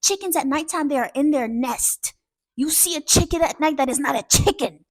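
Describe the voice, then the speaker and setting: A woman voicing a stern older grandmother who scolds in slow, emphatic words. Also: sits high, animated, pitched above the performer's own voice. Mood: scolding.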